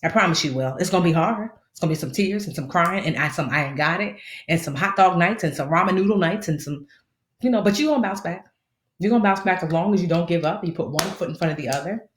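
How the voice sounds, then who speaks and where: Fast-talking in an echoey room, a woman in her thirties with a lowish voice and slight lisp hosts a personal finance live stream. She keeps it casual, slangy and playful, animatedly acting out the voices of those she quotes.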